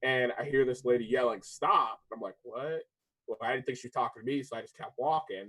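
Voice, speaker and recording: A young man co-hosting a casual debate podcast, telling stories with lively energy and frequent laughs. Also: medium pitch, rapid-fire. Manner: animated storyteller, laughs often, acts out voices. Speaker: podcast co-host.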